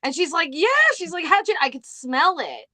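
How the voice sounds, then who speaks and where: A woman's voice: high voice, very animated, normal speed, sharp tone, no echo. A woman with a Long Island New York accent, a guest on a podcast talking over a video call, talkative and laughing often. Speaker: guest, psychic medium. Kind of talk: casual interview chat.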